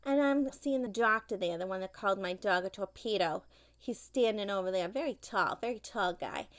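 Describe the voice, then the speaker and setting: A woman's voice: mid-range voice, normal speed, close to an everyday voice. A woman playing a nagging, gossipy mom. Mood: gossipy complaining. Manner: rambling, indignant, complaining. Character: opinionated gossipy middle-aged mother on phone. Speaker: mother talking to her grown child. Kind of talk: comedic character monologue.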